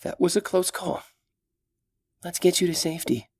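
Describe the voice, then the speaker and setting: A man voicing a frightened but brave young female elf in an audiobook, speaking in urgent, hushed tones. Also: sits high, moderate pace, breathy edge, pitched above the performer's own voice. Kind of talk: audiobook character voice.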